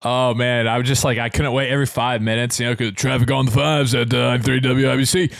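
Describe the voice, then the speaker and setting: Rambling excited man, dry close mic. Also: medium pitch, fairly quick, gravelly, no room sound. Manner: rambling storyteller, gets loud and excited. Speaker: podcast co-host. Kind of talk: casual chat.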